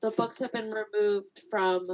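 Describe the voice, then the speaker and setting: A woman's voice: medium pitch, steady tone, measured pace, a little mellow, rough recording. A woman chatting eagerly as a player in a tabletop game.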